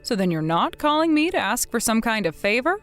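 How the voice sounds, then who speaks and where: In a scripted text-message drama, a woman plays a blunt, widowed older mother who scolds her grown son firmly and in a measured way. Her voice is a little high, sing-song, and a bit bright, with a calm mood. Soft music plays in the background.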